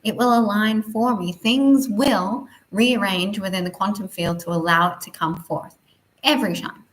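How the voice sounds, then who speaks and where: A woman teaching a spiritual lesson in a soft, flowing, affirming way, with gentle emphasis. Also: medium pitch, normal speed, low-quality recording.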